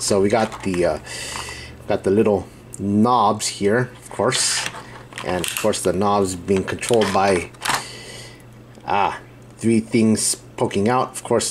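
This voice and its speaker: Male unboxing host, low-pitched, casual and rambling, faint background hiss. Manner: rambling, hesitant, thinking aloud.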